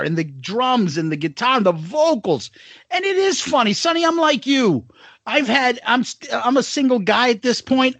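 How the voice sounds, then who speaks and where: A man in his forties talks on a podcast in a high, gravelly voice that swings up and down a lot. He swears freely and acts out other people's lines in silly voices. The sound is dry and close. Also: a bit bright, no echo. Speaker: podcast co-host. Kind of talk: casual chat, crude and animated.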